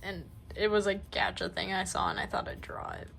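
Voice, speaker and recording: A woman's voice: mid-range voice, huge pitch swings, fairly quick, gravelly, a bit bright, slight background noise, poor audio. A woman giving a casual tour of her sketchbook, gushing and rambling, often trailing off into mumbles. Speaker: artist showing her sketchbook.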